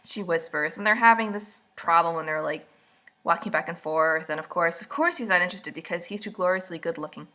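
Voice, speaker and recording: Fresh out of bed, a woman chats about books in a casual vlog, her lowish voice sharp and her pace brisk. The tone is mocking and sarcastic, and she says "like" over and over.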